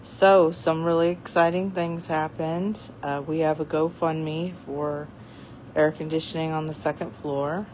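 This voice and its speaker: An unhurried, middle-pitched voice chatting casually to camera and wandering through the story with plenty of "uh"s and restarts. The speaker is half-distracted, playing with cats using a laser pointer while talking. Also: flat delivery, darkish tone, slight background noise, poor audio. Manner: rambling, with many fillers and restarts. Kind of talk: casual chat.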